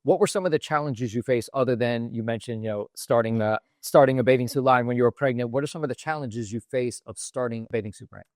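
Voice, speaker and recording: A man hosting an interview, asking relaxed questions and affirming his guest with short replies. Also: medium pitch, quick pace, few pauses, no room sound, clean studio sound. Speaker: interview host, magazine founder.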